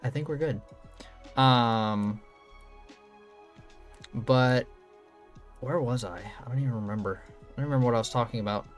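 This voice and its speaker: A man's voice: medium pitch, normal speed, long pauses, soft background music. Rambling young man telling stories. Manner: rambling, loose, swears freely, many ums. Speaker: streamer. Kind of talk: casual storytelling stream.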